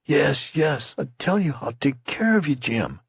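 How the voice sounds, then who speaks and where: A man's voice: a little high, sing-song, a little slow, breathy edge, no room sound, clean studio sound, voice pushed up, exaggerated voice. A man voicing a young male soldier who stammers and cries out in anguish over a wounded friend. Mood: frantic. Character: young male soldier, panicked and grief-stricken.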